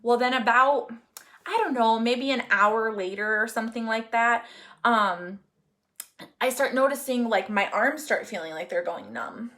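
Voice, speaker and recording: A woman's voice: fairly high pitch, unhurried, pushed and bright. A young woman talking casually on a live stream, telling a long personal story with lots of fillers and asides to viewers. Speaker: host of a live Q&A.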